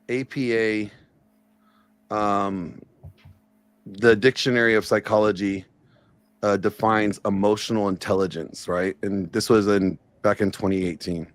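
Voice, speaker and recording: A man on a casual streamed discussion, explaining his point slowly with many fillers and restarts. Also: fairly low pitch, no room sound. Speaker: panelist in a stream debate.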